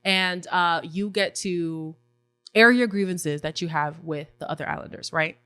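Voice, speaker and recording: A woman hosting a casual recap podcast, opinionated and animated, often acting out what others said. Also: on the low side, a little slow, smooth, no room sound, soft background music. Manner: opinionated, animated, acts out quotes in voices. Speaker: podcast host recapping a reality show.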